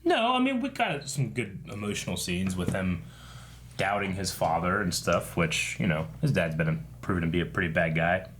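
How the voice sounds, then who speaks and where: A man hosting a casual reaction chat, animated and laughing often as he acts out quotes. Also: low-pitched, normal speed, background noise. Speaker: show host.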